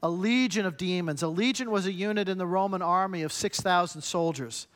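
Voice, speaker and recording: A man's voice: high-pitched, fairly quick, fairly bright tone. A man preaching a sermon, emphatic and punchy, building his points through short repeated phrases. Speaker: pastor.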